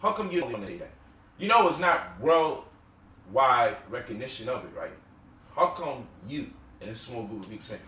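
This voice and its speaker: A man's voice: medium pitch, very animated, moderate pace, sharp tone, a little hiss or hum. A man giving an impassioned lecture-style talk, firing off rhetorical questions and mocking quotes. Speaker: guest speaker. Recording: echoey room, mic at distance.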